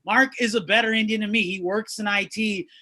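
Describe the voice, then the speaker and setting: A man co-hosting a comedy show, riffing loudly with rambling, profane jokes. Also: sits high, fairly even intonation, a little fast. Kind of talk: stand-up banter.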